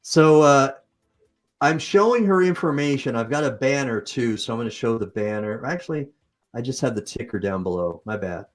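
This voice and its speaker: A man's voice: medium pitch, lively intonation, normal speed. A man with a Utah accent hosting a livestream, chatting casually and improvising as he reads comments. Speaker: host.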